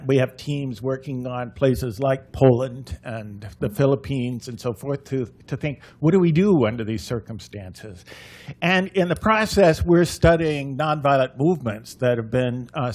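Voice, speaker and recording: A man, a lecturer on a panel, giving a conversational talk full of "uh" pauses. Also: medium pitch, darkish tone.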